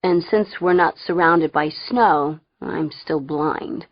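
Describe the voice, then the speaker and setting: A woman's voice: fairly low pitch, big pitch swings, slow, no echo, lo-fi sound, full character voice. A woman voicing a blind, wisecracking teenage boy in an audiobook. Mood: dry.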